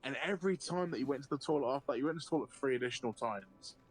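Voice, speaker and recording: A man streaming a game, telling a long anecdote in a profane, animated way and often laughing. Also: mid-range voice, rapid-fire, soft background music. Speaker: livestreamer. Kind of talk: casual storytelling while gaming.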